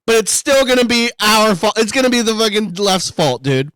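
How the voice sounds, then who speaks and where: Profane laughing man, high lively voice. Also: normal speed, background noise. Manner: profane, laughing, repeats "dude". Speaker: podcast co-host. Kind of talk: casual chat.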